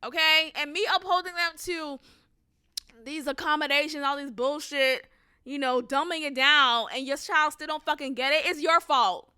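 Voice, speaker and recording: Young adult woman, podcast host, casual profane rant, high bright voice, dry close mic. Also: moderate pace, dry recording. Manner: animated, profane, swings into loud outbursts. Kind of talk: casual ranting monologue. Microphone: close studio mic.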